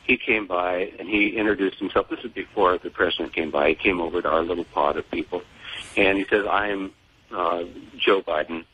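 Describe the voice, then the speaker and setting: An older man speaking as an interview guest, in a measured, deliberate way with pauses and fillers. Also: deep voice, steady tone, husky, dull audio. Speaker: guest, father of a fallen serviceman.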